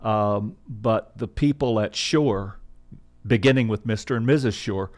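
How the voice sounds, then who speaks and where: A man hosting a podcast, interviewing a guest in a measured way and steering the talk. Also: lowish voice. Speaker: podcast host.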